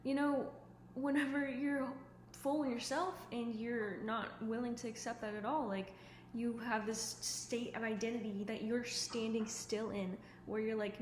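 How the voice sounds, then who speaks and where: A woman talks straight to camera from home, giving earnest self-improvement advice in a loose, chatty way, with plenty of "like" and "um" between thoughts. Her voice sits a little high. The room gives her an echo, and a faint hum of noise lies underneath. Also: level tone, a little slow. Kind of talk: casual advice monologue to camera. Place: at home indoors.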